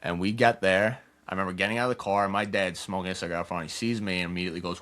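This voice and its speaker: Podcast guest, young man, deep and quick, rambling candid storytelling, acts out quotes. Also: steady tone, fairly bright tone. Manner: rapid, loose storytelling full of "like" and acted-out quotes.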